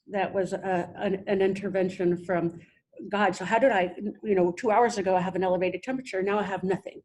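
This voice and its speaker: A young adult woman, a podcast guest, telling her own story in a halting way with many restarts. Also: mid-range voice, darkish tone, a little hiss or hum. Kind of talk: personal storytelling interview.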